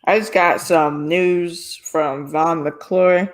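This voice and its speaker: A podcast co-host in casual sports chat, with slow, drawn-out, animated reactions. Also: mid-range voice.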